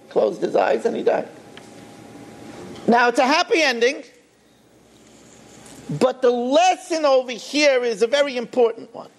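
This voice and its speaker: A rabbi telling a story in a sermon, with an animated, emphatic delivery and swooping pitch. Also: male voice.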